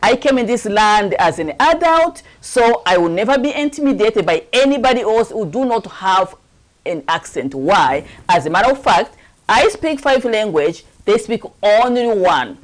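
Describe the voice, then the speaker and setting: A woman from Africa with a French-influenced accent, hosting a casual talk show in a lively, emphatic way. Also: mid-range voice, moderate pace, rough recording. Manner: lively, emphatic, laughs often. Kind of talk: casual chat.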